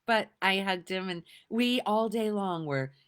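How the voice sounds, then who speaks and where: A woman's voice: medium pitch, measured pace, smooth. A middle-aged woman vlogger telling a rambling, laugh-filled story in a casual, chatty way. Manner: rambling, laughing, lots of restarts.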